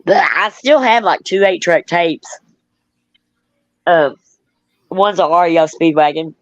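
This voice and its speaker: A woman's voice: fairly low pitch, a little slow, a little hiss or hum. A middle-aged woman hosting a casual chat, reminiscing in a rambling way, laughing often, and reading out viewer comments. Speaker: host. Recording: dull, lo-fi.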